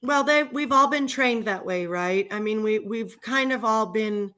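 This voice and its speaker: Bright-voiced woman venting in casual chat. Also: fairly high pitch, measured pace. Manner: animated, venting, laughs often.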